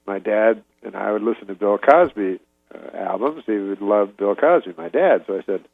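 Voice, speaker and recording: A male comedian guest telling a meandering story in a relaxed, chuckling way. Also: lowish voice, moderate pace, gravelly, no echo, faint music behind. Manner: meandering, laid-back, chuckling asides. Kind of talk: rambling storytelling. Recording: dull lo-fi audio.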